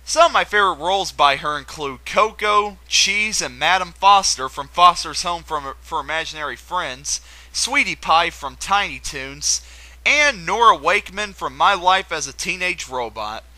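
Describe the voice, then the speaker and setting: Young male host, high-pitched and animated, bright edge, enthusiastic countdown delivery. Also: moderate pace, dry recording, rough recording. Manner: enthusiastic, with playful asides. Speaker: video host. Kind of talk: countdown commentary.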